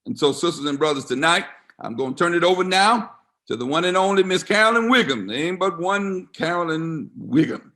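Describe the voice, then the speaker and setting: Middle-aged pastor guy on a video call, kinda high voice, folksy and punchy, says stuff twice for effect. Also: animated, brisk, fairly bright tone. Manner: folksy and emphatic, repeating for effect. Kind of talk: casual church talk.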